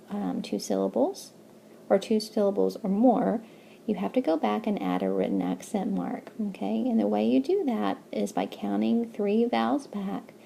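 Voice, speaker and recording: A woman's voice: medium pitch, vocal fry, dark tone, slight background noise. A woman teaching a recorded language lesson, explaining step by step with patience and checking in with "okay?". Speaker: Spanish teacher.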